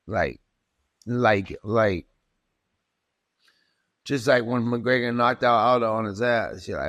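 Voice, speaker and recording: A man in his thirties, a fighter guest, telling stories in a profane and animated way in a casual interview. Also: fairly low pitch, slow, long pauses, no room sound.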